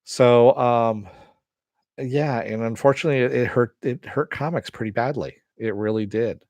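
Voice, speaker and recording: On a casual live stream, a middle-aged host with a medium-pitched, slightly mellow voice answers viewers at a moderate pace. He meanders, swears, and frequently begins again. There's no room sound.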